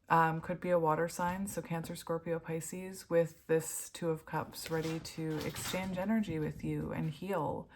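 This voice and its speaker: A woman in a casual tarot reading vlog, speaking in a slightly lower register. Her talk is giggly and gushing, often broken by laughter. She turns heartfelt and emotional, as if she is reading at home. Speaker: tarot reader.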